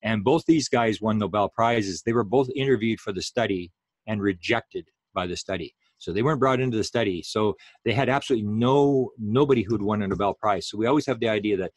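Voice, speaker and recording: Man, online lecture, low voice, dry close sound, unhurried, halting restarts. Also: dry recording. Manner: unhurried, with many fillers and restarts.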